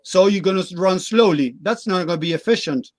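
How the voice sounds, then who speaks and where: A man's voice: high voice, brisk, dry recording. A middle-aged man, a guest coach in a casual interview, explaining his views earnestly with everyday examples.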